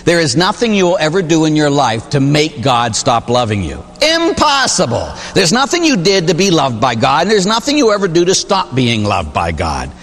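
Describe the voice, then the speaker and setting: A Catholic priest giving an emphatic, animated sermon, jumping to sudden high exclamations. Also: male voice, a little fast, few pauses, big-room sound.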